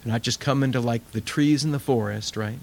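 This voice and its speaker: A middle-aged man preaching a sermon in a conversational, animated storytelling way. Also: medium pitch, fairly quick, gravelly. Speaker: pastor.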